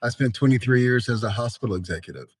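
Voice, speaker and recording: A middle-aged man and college president, a podcast guest telling stories about his career in a measured way with frequent fillers. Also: mid-range voice, husky, no room sound. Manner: measured, storytelling, frequent "you know". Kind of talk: podcast interview.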